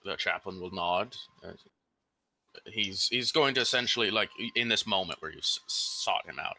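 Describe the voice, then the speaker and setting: A man's voice: low voice, normal speed, sharp tone. A man acting as game master, explaining rules in an easygoing way and laughing readily. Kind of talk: running a tabletop game.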